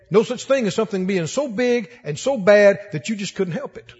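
A man's voice: high-pitched, lively intonation, brisk, hardly any pauses, a little mellow, breathy edge. A male preacher giving an emphatic, rousing sermon in a church and asking the congregation questions. The recording is dull, with long church reverb.

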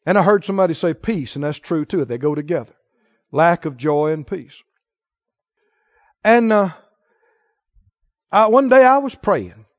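A male preacher with a high voice tells folksy stories from the pulpit and drives his points home with emphasis. He drops into a lower, sterner tone when quoting the Lord. The sound is dry and a bit dull. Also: dry recording. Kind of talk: sermon with storytelling.

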